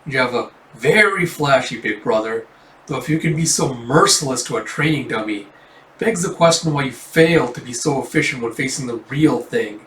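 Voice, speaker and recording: A man casually reading through a comic aloud, filling pauses with "uh" and "like". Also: mid-range voice, lively intonation, a bit bright, a little hiss or hum. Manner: casual, filler-heavy reading. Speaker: comic reader. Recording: roomy, slightly distant mic.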